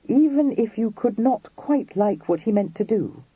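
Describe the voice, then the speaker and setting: A man's voice: high-pitched, animated, a little slow, slightly rough, no room sound, voice pushed up, full character voice. A man voicing an earnest, impulsive young Regency lady who talks in a breathless, pleading way in an audiobook. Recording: dry, dull lo-fi recording.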